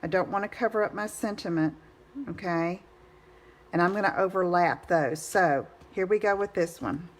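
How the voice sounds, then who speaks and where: A woman's voice: fairly low pitch, normal speed. A woman giving a live card-making demonstration, chatty and encouraging, greeting viewers by name.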